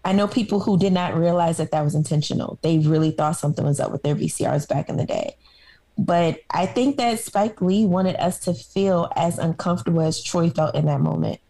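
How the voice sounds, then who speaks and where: A woman from Harlem, co-hosting a podcast in casual conversation, opinionated and quick to laugh. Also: lowish voice, dark tone. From Harlem, New York. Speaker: podcast co-host. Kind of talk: casual chat.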